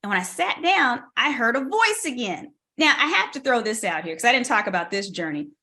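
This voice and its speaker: A woman guest on a podcast interview telling a personal story with lively, animated delivery and acted-out dialogue. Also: a little high, a little fast. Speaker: guest, tech strategist and keynote speaker.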